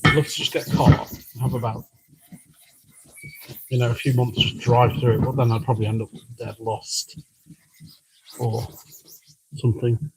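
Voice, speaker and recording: A man's voice: mid-range voice, level tone, moderate pace, pauses often, slightly rough, rough recording. A British man hosting a live stream from his workshop, chatting and rambling casually as he works. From United Kingdom. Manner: chatty and rambling, thinking aloud. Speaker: livestream host. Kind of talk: casual live-stream chat while working. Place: workshop with a balloon printing machine.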